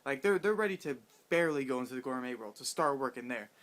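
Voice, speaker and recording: A man's voice: mid-range voice, fast talker. Brief: male reviewer, hyped and rambling, swears a lot, heavy slang. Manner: excited, profane, rambling with slang. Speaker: manga chapter reviewer. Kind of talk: casual chapter review.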